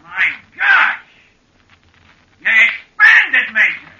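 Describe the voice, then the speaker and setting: A man playing an excitable, simple-minded young fellow, full of exclamations, in an old-time radio comedy. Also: high voice, moderate pace, full character voice. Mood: excited. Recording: dull roomy old radio recording.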